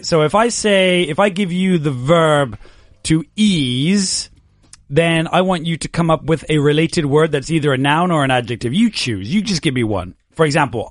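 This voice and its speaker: A man's voice: on the high side, dry recording. A man teaching English vocabulary in a casual, playful lesson, encouraging his student and laughing often.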